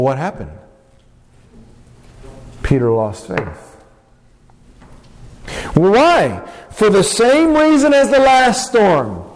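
A man preaching a sermon, animated and acting out the quotes he reads. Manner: animated, acting out quotes with big pitch jumps. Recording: long hall reverb.

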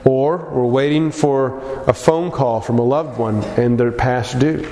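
A man preaching a sermon in an animated way, acting out characters from the story as he goes. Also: mid-range voice, measured pace. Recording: echoey hall with long reverb.

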